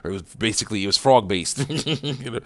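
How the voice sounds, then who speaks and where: A man's voice: lowish voice, a little fast, a bit bright, no room sound. A man giving a casual cartoon review, rambling with lots of fillers and chuckles.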